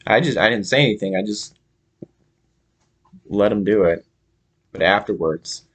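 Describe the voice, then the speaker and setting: A young man from Minnesota telling a casual story to camera, halting with many fillers and restarts. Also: lowish voice, lively intonation, fairly bright tone. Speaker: vlogger.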